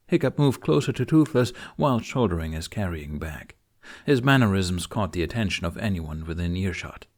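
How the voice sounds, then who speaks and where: Animated male audiobook narrator. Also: low voice, moderate pace. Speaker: audiobook reader. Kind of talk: storybook narration.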